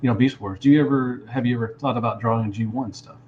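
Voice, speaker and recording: Quick-talking man host on a lo-fi call. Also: mid-range voice, steady tone. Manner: rambling, repeats himself while asking questions. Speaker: show host. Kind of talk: casual interview chat. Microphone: video call. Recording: lo-fi video call with faint hum.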